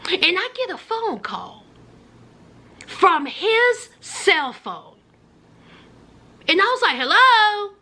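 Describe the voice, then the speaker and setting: A woman's voice: very high-pitched, wildly swooping pitch, slow pace, pauses often, bright, forceful tone. Dramatic woman telling a story. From rural Virginia. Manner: dramatic storyteller addressing viewers as friends, drops to whispers. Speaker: vlogger. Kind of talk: storytime vlog.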